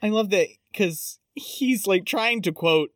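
Woman co-host, sarcastic movie recap, lively pitch, dry close sound. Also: slow pace, dry recording. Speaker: podcast co-host. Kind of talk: casual movie-recap chat.

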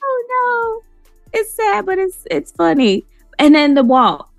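A woman's voice: high voice, sing-song, measured pace, dry recording, clean studio sound, faint music behind. A woman co-hosting a podcast, chatting expressively and laughing. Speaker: podcast co-host. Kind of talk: casual chat.

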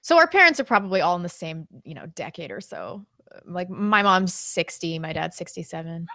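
A woman's voice: lowish voice, big pitch swings, moderate pace, vocal fry, sharp tone, dry recording, studio quality. A young woman co-hosting a call-in podcast, blunt, sarcastic and exasperated. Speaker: podcast co-host. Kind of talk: casual call-in chat.

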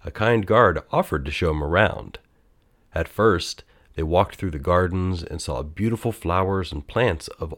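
Male storyteller, low voice, expressive children's read-aloud.

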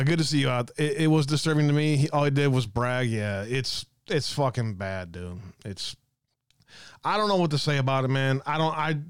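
Brief: male stream host, exasperated profane rant, somewhat high voice, dry close mic. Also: clean tone, no echo. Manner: profane, exasperated ranting, reading viewer comments. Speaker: host of an online talk stream. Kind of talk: ranting live-stream talk.

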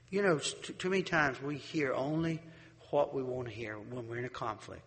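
A middle-aged man preaching a sermon, asking the congregation rhetorical questions and telling stories in a lively, conversational way. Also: medium pitch, fairly quick, in a large hall. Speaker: pastor.

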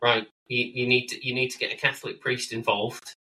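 A man's voice: mid-range voice, level tone, a little fast, bright, forceful tone, far from the mic, poor audio. A man co-hosting a wine podcast, chatting in casual banter and joking around with playful silly voices.

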